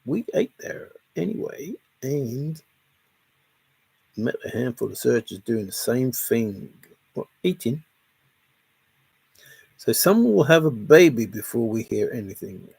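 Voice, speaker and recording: A man's voice: medium pitch, sing-song, a little slow, vocal fry, pauses often, a little mellow, husky, no echo. A man hosting a casual livestream, reading chat and greeting viewers by name in a jokey, chatty way. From half Italian, half Scottish heritage.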